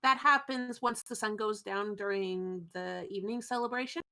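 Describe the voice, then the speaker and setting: A woman's voice: medium pitch, normal speed, pushed and bright. A woman narrating a tabletop game as game master, loose and chatty with frequent fillers.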